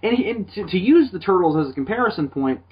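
A man co-hosting a podcast in casual chat, rambling and animated, restarting his sentences often. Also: sits high, quick pace, slightly rough. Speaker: podcast co-host. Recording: dull lo-fi sound.

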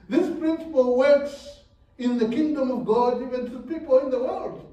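A man's voice: very high-pitched, animated, a little slow, long pauses, warm tone. A man preaching a sermon in a church, repeating words and laughing between phrases. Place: church hall. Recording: very echoey church hall, mic at a distance.

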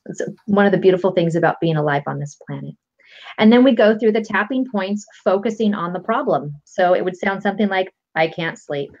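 A woman guest coach calmly walking listeners through a tapping technique step by step, with a patient, explanatory manner. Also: mid-range voice, fairly quick. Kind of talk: instructional explanation. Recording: lo-fi dull audio.

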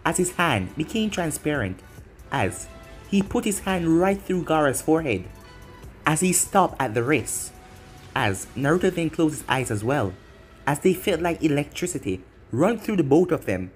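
Man narrating fan fiction over music. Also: on the high side. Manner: plain, run-on narration. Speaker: story narrator. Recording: faint music behind.

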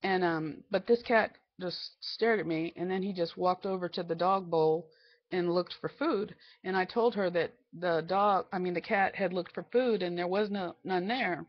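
A woman vlogger telling a rambling, exasperated story about her family, quoting each exchange in quick back-and-forth. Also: fairly low pitch. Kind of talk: casual storytelling rant. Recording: slightly dull lo-fi home recording.

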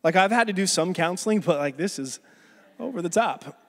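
A male pastor preaching a casual, animated sermon in a church, often restarting his phrases as he tells a story. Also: high-pitched, a little fast, in a large hall. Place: church sanctuary.

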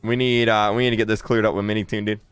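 A man's voice: on the low side, flat delivery, very fast, smooth, dry recording, faint music behind. A man streaming live and reading his chat aloud. He is exasperated, repeats himself, stammers and breaks into laughs. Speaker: livestreamer. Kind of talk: livestream chat commentary.

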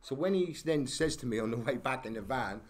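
A man's voice: mid-range voice, animated, brisk. A man with a London accent telling a story as a podcast guest, in slangy casual talk that keeps checking in with "yeah?". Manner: slangy, tags lines with "yeah?".

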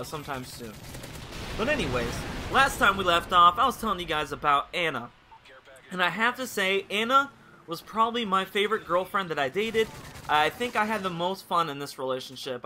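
High, sharp-voiced young man rambling. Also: slight background noise. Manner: rambling, candid, swears casually. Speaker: gaming channel host. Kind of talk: casual storytelling over gameplay commentary.

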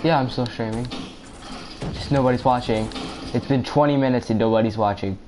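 A young man talks loosely over his game, joking with teammates between rounds. His voice sits at an ordinary middle pitch. Game sounds stay clearly audible behind him throughout. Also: a little fast. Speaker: gamer streaming live. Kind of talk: casual live-stream chatter. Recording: clear background game noise.

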